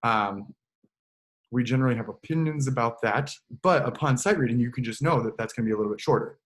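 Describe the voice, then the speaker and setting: A man, a choir director, giving an online choral lesson in a relaxed, explanatory way, now and then singing short examples into a computer mic. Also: mid-range voice, quick pace.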